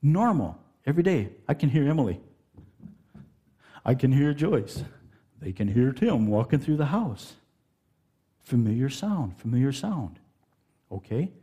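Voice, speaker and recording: A middle-aged man preaching a sermon in a folksy, animated storytelling way, laughing and putting on voices. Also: medium pitch, unhurried, pauses often, slightly rough. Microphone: handheld mic.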